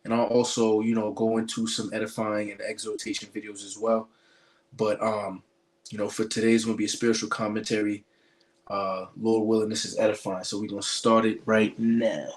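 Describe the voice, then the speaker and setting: A man's voice: on the low side, little pitch movement, moderate pace. A man preaching in a spiritual commentary. His delivery is emphatic and insistent, with frequent um and uh fillers and stumbling restarts.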